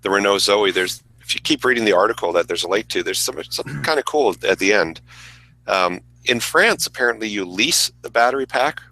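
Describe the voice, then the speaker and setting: A man co-hosting a casual panel chat, explaining things with enthusiasm. His voice is very low but has a bright, forceful edge. The sound is dry. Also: expressive, brisk, no echo, low-quality recording. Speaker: podcast co-host.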